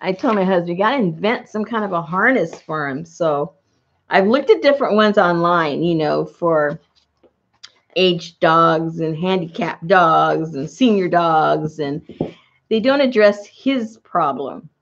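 A woman's voice: lowish voice, measured pace, dull audio. A middle-aged woman chatting casually while crafting, rambling through asides and laughing often. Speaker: crafting vlogger.

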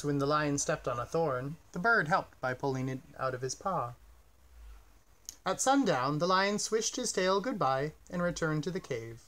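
Here a man with a fairly high-pitched voice reads a picture book for children, his storytelling gentle and full of expression.

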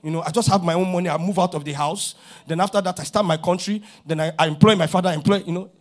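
Nigerian pastor, middle-aged man, very high voice, animated sermon delivery with bursts of shouting. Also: fast. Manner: animated preaching, shouting at peaks, acting out dialogue.

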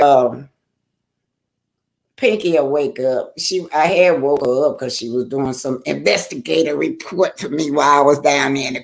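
An older woman, hosting a casual livestream, chatting and greeting viewers by name in a loose, rambling way. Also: low-pitched. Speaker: YouTube livestream host.

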